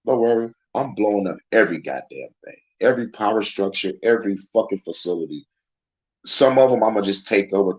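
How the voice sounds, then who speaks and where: A man's voice: on the low side, darkish tone, muffled recording. A man hosting a casual livestream, ranting and rambling in heated, profane commentary. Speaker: livestream host. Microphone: phone.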